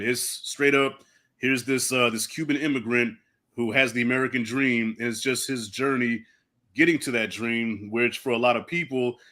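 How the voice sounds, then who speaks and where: A man's voice: medium pitch, pushed and bright. A male host chatting casually about a film, laid-back and peppering his points with "you know what I'm saying". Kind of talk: casual film review chat.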